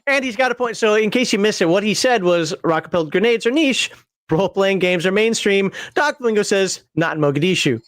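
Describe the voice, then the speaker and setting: Male stream host, a bit high-voiced, reading out chat with blunt opinions; dry close-miked sound. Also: no echo. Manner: opinionated and wry, with frequent fillers. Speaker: host of a livestream panel show. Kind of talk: casual livestream chat, reading viewer comments.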